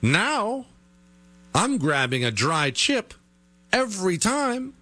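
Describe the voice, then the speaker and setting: A man's voice: high-pitched, very animated, slow pace, pushed and bright, no echo. A man hosting a talk show, ranting in an exasperated comic way. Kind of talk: comic rant.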